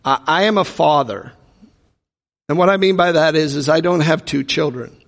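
A man delivers a sermon as a pastor, telling funny stories and acting out the voices in them. His voice sits a little high with a gravelly edge. He is recorded in a church sanctuary with a long reverb trailing his words. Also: moderate pace, a bit bright. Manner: humorous storytelling, acts out quoted voices. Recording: long reverb from a large hall.

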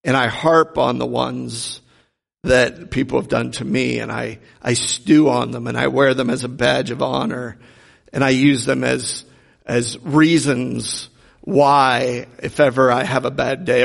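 A man's voice: mid-range voice, steady tone, measured pace, gravelly. A man preaching a sermon as a pastor, retelling a story earnestly and asking the congregation rhetorical questions. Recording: long reverb of a large hall.

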